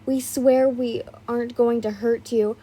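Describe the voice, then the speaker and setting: A calm polite teen boy, read by a woman. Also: a little high, unhurried.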